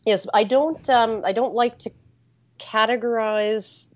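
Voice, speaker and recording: A woman guest in a casual interview, explaining her points deliberately with many fillers. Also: fairly high pitch, dry recording.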